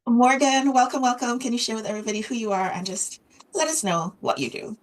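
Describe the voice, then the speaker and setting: A woman's voice: on the high side, fairly quick. Effusive woman host on a video call. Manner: enthusiastic and complimentary. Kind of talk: casual panel chat. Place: home in Connecticut.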